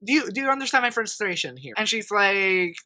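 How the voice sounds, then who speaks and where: Bright-voiced young man telling a story. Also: high-pitched, brisk. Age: 20s. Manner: profane, animated storytelling with mocking voices. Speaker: vlogger. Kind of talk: story time vlog.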